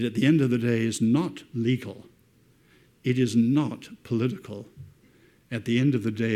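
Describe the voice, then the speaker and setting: A man with a British accent and a resonant voice, giving a formal, emphatic lecture in measured oratory. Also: mid-range voice, dark tone. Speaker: speaker.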